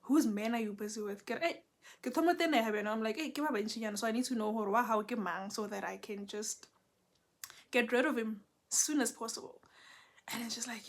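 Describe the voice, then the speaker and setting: A young South African woman, a Setswana speaker, telling a story in a casual, animated way with lots of code-switching. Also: on the high side, fast talker.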